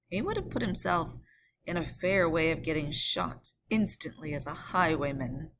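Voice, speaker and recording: Low-voiced woman reading a classic novel. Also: a little hiss or hum. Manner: measured, expressive storytelling. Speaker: audiobook narrator. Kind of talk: scripted narration of a classic novel.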